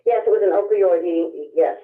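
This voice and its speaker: A woman's voice: on the low side, brisk. A woman caller answering a psychic's questions, hesitant, with many ums. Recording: tinny phone line.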